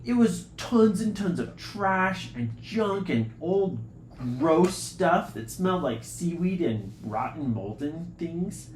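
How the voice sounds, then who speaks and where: A man telling an improvised bedtime adventure story to children, jumping into voices for the characters. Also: takes it slowly. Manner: animated, jumps into high voices for characters. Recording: echoey room, faint hiss.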